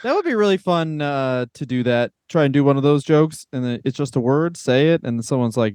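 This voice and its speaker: Brief: male podcast co-host, crude quick-witted banter, fairly high smooth voice, dry close sound. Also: a little mellow, dry recording. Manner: crude, jokey, quick riffing. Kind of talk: casual comedic podcast banter.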